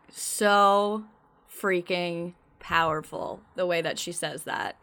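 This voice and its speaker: Female podcast co-host, lower voice, bright tone, eager casual chat. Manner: enthusiastic, chatty, many fillers.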